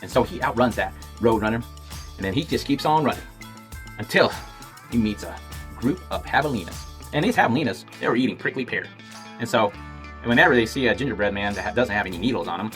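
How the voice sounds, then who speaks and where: A man's voice: fairly low pitch, lively intonation, fast, pauses often, a bit bright, faint music behind. A man telling a playful, folksy story aloud and voicing its characters. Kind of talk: animated storytelling.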